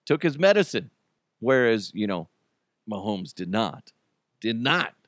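A male podcast host in a casual solo rant, swearing freely, animated and laughing at his own jokes. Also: lowish voice, unhurried, no room sound, studio quality.

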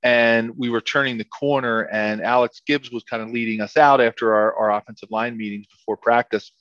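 A man's voice: medium pitch, steady tone, fairly quick, fairly bright tone, no echo, muffled recording. Rambling middle-aged man telling football stories. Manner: rambling, repeats words, many fillers. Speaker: former football lineman, guest. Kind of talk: casual interview storytelling.

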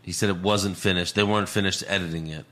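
Low-voiced, forceful podcast co-host man. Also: fairly even intonation, quick pace. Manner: blunt and wry, reads out news items. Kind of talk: casual chat.

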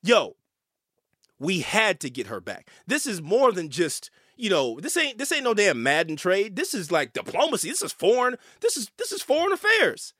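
A man's voice: high-pitched, normal speed, no room sound, studio quality. A male host, talking emphatically and swearing as he delivers opinionated commentary. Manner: animated, emphatic, swearing, with fillers and repeats.

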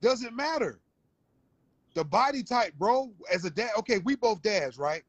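Insistent high-voiced man arguing, dry sound. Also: big pitch swings, a little slow, no echo, muffled recording. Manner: insistent, repeats himself, calls people bro. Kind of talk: heated sports debate.

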